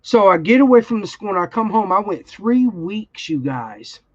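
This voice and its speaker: A woman's voice: medium pitch, very animated, normal speed, dry recording. A woman, telling a story in a blunt, heated way during a casual livestream chat. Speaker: crafting channel host. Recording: dull, slightly lo-fi sound.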